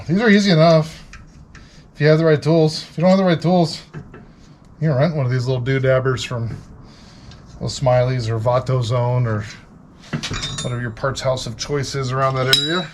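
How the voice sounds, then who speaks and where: A man's voice: medium pitch, a little hiss or hum. A man hosting a repair vlog, chatting casually and joking while he works on a car in a garage. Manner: joking, playful asides. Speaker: mechanic host. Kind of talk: casual talk while working.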